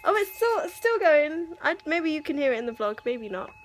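A woman's voice: high voice, sing-song, brisk, a little hiss or hum. A young woman chatting casually in a daily vlog, tired and a little out of breath, laughing often. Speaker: vlogger.

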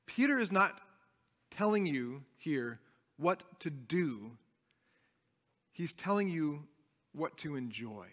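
Bright-voiced pastor preaching in a reverberant hall. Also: male voice, on the high side, sing-song, slow pace, long pauses. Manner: earnest, emphatic preaching with frequent restarts. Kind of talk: sermon. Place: church sanctuary. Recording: long reverb of a church hall.

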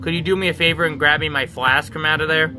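A smug, breezy hotel regular from a video game, put on by a man in a raised, bright voice. Self-assured and casual, with faint music behind. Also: on the high side, steady tone, fast, voice pushed up.

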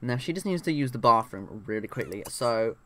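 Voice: medium pitch, lively intonation, fairly quick, bright, forceful tone. Chatty young gamer, rambling. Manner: chatty, rambling, talks to game characters, often trails off. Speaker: let's play gamer. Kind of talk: casual gameplay commentary.

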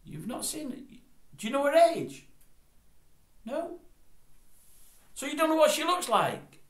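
A man's voice: very high voice, big pitch swings, slow pace, roomy sound, voice pushed up, heavily acted. A man voicing a male TV presenter who asks probing, incredulous questions.

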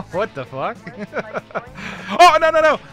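A young man streaming a video game, laughing constantly, swearing freely and bursting out in excitement. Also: sits high, slow pace, soft background music. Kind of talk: casual gameplay commentary.

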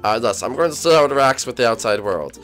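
A man's voice: medium pitch, expressive, a little fast, a bit bright, faint music behind, natural voice. A man voicing a proud, eccentric mad scientist in a game role-play, speaking in a matter-of-fact, self-assured way.

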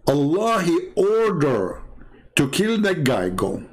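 A man's voice: on the high side, sing-song, slow. A man from the Middle East whose first language is Arabic, speaking with an Arabic accent. He hosts a rambling, sarcastic livestream commentary. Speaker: channel host and religion critic.

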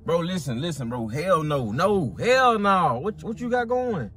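Young man, animated, scolding casually. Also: on the high side, a little slow, soft background music. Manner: repeats himself, calm-down pleading then scolding. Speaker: prank target, boyfriend. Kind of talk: casual chat.

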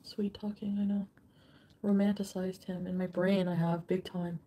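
A woman's voice: fairly low pitch, level tone, moderate pace, mellow, a little hiss or hum. A woman live streaming, reading out viewer comments in an emotional way and swearing often.

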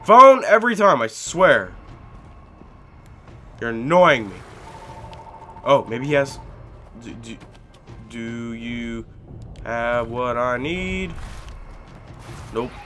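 Excitable young man, bright animated voice. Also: mid-range voice, extremely slow, long pauses, a little hiss or hum. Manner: excitable, pleading and yelling at his pet bear. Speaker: gaming YouTuber. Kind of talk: let's play commentary.

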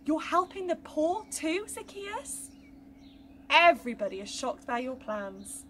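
Slow, high-voiced woman telling a children's story. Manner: slow, gentle, expressive storytelling. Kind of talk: reading a rhyming Bible story to children. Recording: loud background noise with birdsong.

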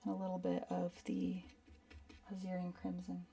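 A woman's voice: lowish voice, monotone, moderate pace, gravelly, warm tone, far from the mic. A woman instructor chatting casually through a live painting demo, rambling and saying "like" a lot. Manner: chatty, rambling, uses lots of "like". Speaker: art instructor.

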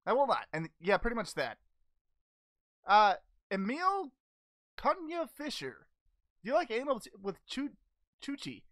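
A woman's voice: a little high, big pitch swings, a little slow, pauses often, dry recording, clean studio sound. A woman voicing a cheerful, naive male alien martial-arts hero, hosting an in-character fan Q&A in a goofy, easily distracted way with lots of hesitant ums. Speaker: channel host answering fan questions.

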